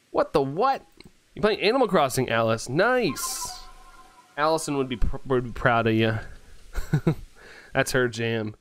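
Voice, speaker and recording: A male game streamer reading his live chat aloud, excitable and quick to thank viewers, laughing often. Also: on the high side, no echo.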